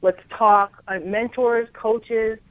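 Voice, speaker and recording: Woman coach calling in, tinny phone sound, super animated, repeats herself a lot. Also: on the high side, takes it slowly, dry recording. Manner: energetic, animated, repeats words. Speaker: coach, guest. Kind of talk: casual interview chat.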